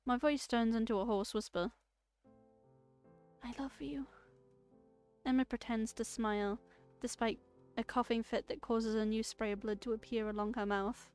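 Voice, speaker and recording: A woman streaming, reading a story game aloud and reacting with jokes and loud outbursts. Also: fairly high pitch, moderate pace, few pauses, clear, resonant tone, soft background music. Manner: animated, joking, bursts into loud outbursts and laughter.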